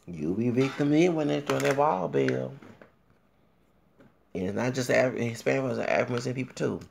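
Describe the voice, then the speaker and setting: A man ranting to his viewers in a vlog, swinging between loud outbursts and low muttering, often repeating himself and talking straight to the audience. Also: animated, a little fast, gravelly, pauses often, slight background noise. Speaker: vlogger.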